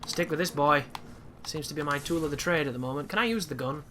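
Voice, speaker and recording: This man's fairly high voice moves fast as he reacts live to a game, cursing now and then. He's a gaming commentator offering casual gameplay talk, with loud game music behind him and slight background noise.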